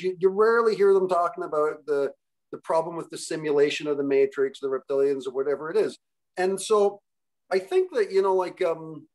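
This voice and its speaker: A man interviewing, talking in long rambling questions full of hesitations and restarts. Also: fairly high pitch. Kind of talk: casual conversation.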